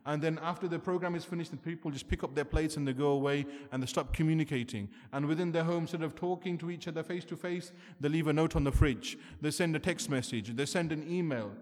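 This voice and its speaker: A man's voice: fairly high pitch, fast, few pauses, darkish tone. A man preaching an earnest, emphatic sermon, asking rhetorical questions as he lectures. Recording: long hall reverb.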